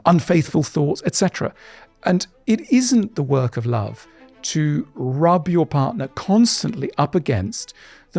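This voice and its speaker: A middle-aged man answering interview questions in an animated way, acting out little voices as he explains. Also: fairly high pitch, vocal fry. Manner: animated, acts out voices in quotes. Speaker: guest author.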